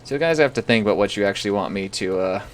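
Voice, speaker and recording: A man's voice: lowish voice, expressive, rapid-fire, slight background noise. Chatty young man streaming. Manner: rambling, chatty, swears casually. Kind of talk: casual live-stream chat.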